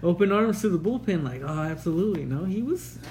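A man's voice: high voice, sing-song, a little fast, a little mellow, a little hiss or hum, low-quality recording. Laid-back swearing sports-chat guy. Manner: laid-back, swears often, says "man" and "dude" a lot. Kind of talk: casual sports banter.

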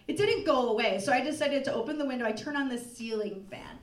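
A young woman telling a laughing, animated confessional story on a live comedy stage. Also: high voice, fast talker. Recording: echoey room from far off, loud crowd.

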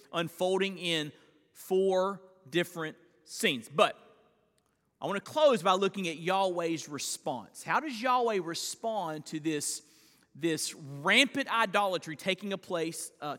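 A man's voice: sits high, pushed and bright, in a large hall. A man preaching an expository sermon, reading scripture aloud with earnest restarts in a church sanctuary. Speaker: pastor.

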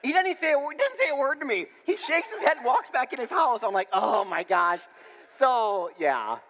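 A man preaching a sermon in a church, animated and storytelling, with laughs and sudden shouts. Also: extremely high pitch, a little fast, in a large hall. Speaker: pastor.

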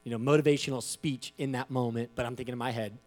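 A man preaching, telling a personal story in a loose, conversational way with frequent asides, swinging from quiet to loud as he acts out what people said. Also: mid-range voice, quick pace. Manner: animated, conversational, with frequent "you know" asides. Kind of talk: storytelling sermon.

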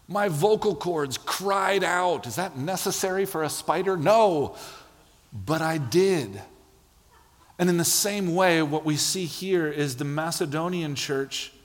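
Animated male preacher in a reverberant hall. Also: fairly high pitch. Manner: animated storytelling, acts out quotes. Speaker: pastor. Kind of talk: sermon. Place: church sanctuary.

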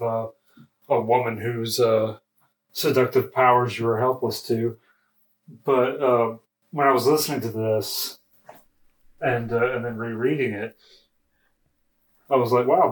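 A man's voice: medium pitch, roomy sound. Hesitant man on a distant mic. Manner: halting, hesitant, quick to laugh. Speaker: podcast guest. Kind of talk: casual podcast discussion.

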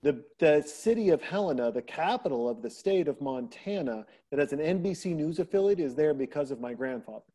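A man's voice: on the high side, brisk, hardly any pauses. A middle-aged man telling family stories in a casual podcast conversation, acting out the quoted voices of the people in them. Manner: animated, acts out quoted voices of his daughter.

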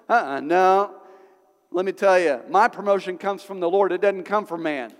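Middle-aged pastor guy preaching, kinda high voice, chatty stories then punchy bits, big church echo. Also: moderate pace. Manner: animated storytelling preacher, conversational with bursts of emphasis. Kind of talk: sermon. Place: church sanctuary. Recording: long church hall reverb.

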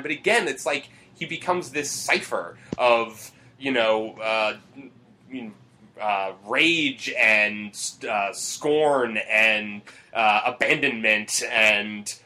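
Male podcast host, casual movie talk, bright voice, rambling and profane. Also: medium pitch, measured pace. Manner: rambling, profane, full of fillers.

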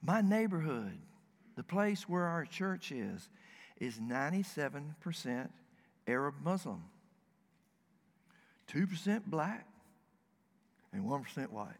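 A man's voice: a little high, big pitch swings, takes it slowly, gravelly, long pauses, big-room sound. A man from the States, preaching a sermon in a folksy, earnest storytelling way. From Southern United States. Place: church sanctuary.

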